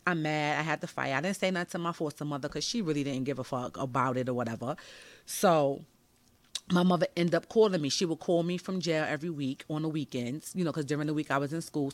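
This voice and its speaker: A woman's voice: low-pitched, no room sound. A woman hosting her own show, telling a personal story in a candid, slangy way. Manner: candid and animated, slangy, swears freely. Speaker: podcast host.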